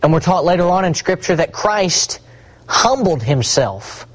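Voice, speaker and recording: A man preaching a sermon, swinging between hushed asides and rising, emphatic repetition. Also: high voice, very animated, measured pace, poor audio.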